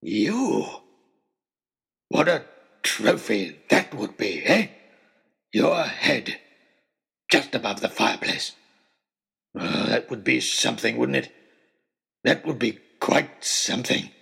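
A man voicing a wild, ragged, furious male hunter who shouts and menaces, in a storybook reading. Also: medium pitch, big pitch swings, slow, vocal fry, pauses often, breathy edge, exaggerated voice. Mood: menacing.

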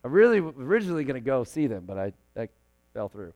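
A young man preaching a sermon to a room, moving between loud, emphatic lines and quiet, hushed ones. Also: medium pitch, very animated, fast talker.

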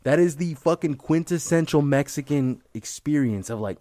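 A man's voice: mid-range voice, a little fast, warm tone. A young man from the Bay Area, rambling in casual comedic chat, swearing a lot and saying "you know what I'm saying". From San Francisco Bay Area.

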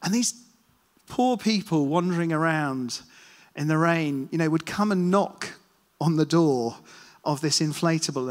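A man's voice: fairly high pitch, moderate pace. A man preaching a casual sermon, telling self-deprecating stories and asking the congregation questions. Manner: chatty, self-deprecating storyteller, talks to the congregation. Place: church hall. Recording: long hall reverb.

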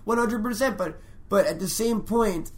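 An excitable young man talking casually with a friend. His voice sits slightly high for a man, and he swears freely as he rattles through his opinions. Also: moderate pace. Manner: excitable, swearing, retells comedy bits with big pitch jumps. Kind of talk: casual chat.

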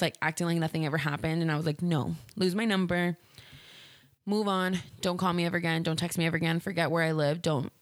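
A woman's voice: lowish voice, no room sound. A woman hosting a solo podcast, telling stories in a candid, rambling way full of "like" and restarts. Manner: candid, rambling, heavy use of "like". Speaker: podcast host. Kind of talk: casual solo podcast storytelling.

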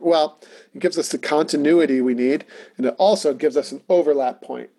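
Chatty man teaching a tune, slightly high. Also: a little mellow. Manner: talky, encouraging, sings rhythm syllables. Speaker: music teacher. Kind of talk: casual online music lesson.

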